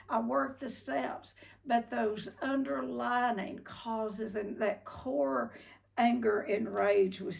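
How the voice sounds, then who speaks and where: An older woman tells a personal story in a candid, folksy way, her voice gravelly with fry. She sounds a little distant from the microphone. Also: on the high side. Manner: folksy, candid, frequent "uh" and "I mean". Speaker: treatment center owner telling her story.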